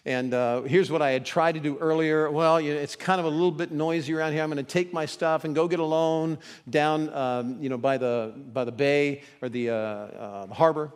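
A male pastor preaching a sermon, shifting from hushed, slow passages to loud, animated storytelling and acted-out quotes. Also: on the high side, smooth, long reverb tail. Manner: dramatic swings from hushed to loud, acts out quotes.

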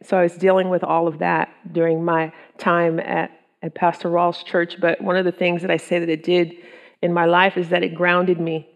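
A woman's voice: lowish voice, flat delivery, normal speed. A middle-aged woman giving an earnest, conversational testimony to a women's group, often with ums and quoted thoughts. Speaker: women's ministry speaker.

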